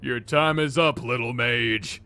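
A man's voice: mid-range voice, a little slow, sharp tone, smooth, soft background music, voice pushed down. A man voicing a stern male owner of a fighting ring, speaking in a threatening way.

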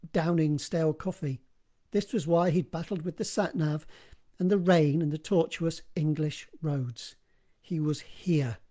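A man narrating his own horror story in a steady, measured reading, recorded in one live take. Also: fairly high pitch.

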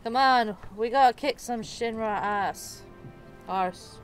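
A woman's voice: fairly high pitch, slow pace, soft background music. A woman commenting on her game playthrough, emotional and swearing often. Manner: emotional, swearing, laughing asides. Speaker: gamer streaming a playthrough. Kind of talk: let's play commentary.

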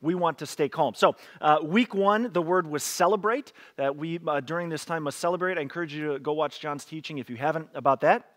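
A man's voice: on the high side, brisk, few pauses, fairly bright tone. A man preaching a casual online sermon as pastor, chatty and joking, laughing between readings. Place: church, streamed online.

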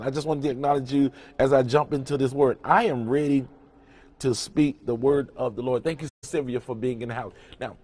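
A man's voice: medium pitch, a little mellow. A male pastor preaching to an online congregation, emphatic, repeating key phrases and greeting listeners by name between points.

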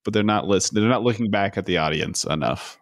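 A man with a lowish voice is a guest on a film podcast. He gives blunt, dry opinions, and the sound is close and dry. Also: fast, vocal fry, no room sound. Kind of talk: casual film podcast chat.

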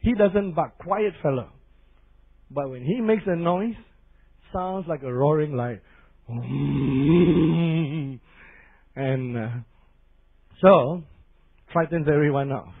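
Man, pastor, middle-aged, animated sermon, fairly high voice, tinny lo-fi recording. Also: a little slow, long pauses. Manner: animated preaching with barking imitations. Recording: tinny phone-like lo-fi sound.

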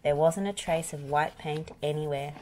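A woman reads a children's picture book aloud in a gentle, expressive way. Her voice sits a little low. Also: moderate pace, a little hiss or hum. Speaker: storybook reader. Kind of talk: children's read-aloud narration.

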